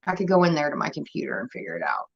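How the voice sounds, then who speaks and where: On dull, lo-fi stream audio, a female livestream host vents at her moderators in casual, profane, blunt chatter. Her voice is deep and gravelly, with a sing-song lilt and a rapid-fire delivery.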